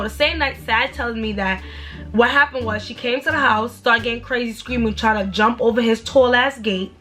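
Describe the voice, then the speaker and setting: A young woman telling a storytime in a blunt, animated, slangy way, with sudden high exaggerated outbursts. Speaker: storytime vlogger. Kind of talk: casual storytime rant.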